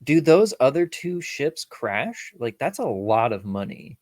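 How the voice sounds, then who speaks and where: A man co-hosting a casual podcast about a film he rewatched. He talks it over in an animated way, acts out scenes and cracks jokes, often laughing. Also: mid-range voice, unhurried, no echo. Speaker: podcast co-host. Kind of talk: casual film-review chat.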